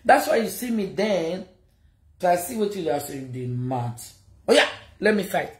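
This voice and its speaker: A woman's voice: on the low side, animated, unhurried, roomy sound. A Nigerian woman giving an emotional live video message, scolding and repeating her warnings. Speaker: social media personality.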